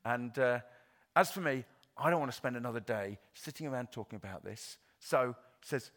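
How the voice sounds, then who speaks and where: Bright-voiced male pastor preaching. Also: mid-range voice, lively intonation, moderate pace. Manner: earnest, conversational preaching with frequent fillers. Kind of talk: sermon.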